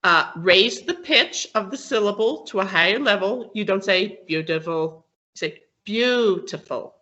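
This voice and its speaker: A woman's voice: mid-range voice, expressive, normal speed, pushed and bright. A woman teaching word stress as a guest on a video call, explaining patiently and checking in often with her students. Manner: patient, explains step by step with frequent "okay?" checks. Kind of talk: online English pronunciation lesson. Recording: dull lo-fi video call audio.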